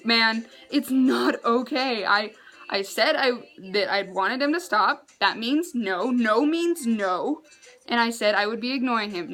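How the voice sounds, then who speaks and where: A woman vlogger telling a story to the camera, exasperated and animated, laughing in disbelief. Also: on the high side.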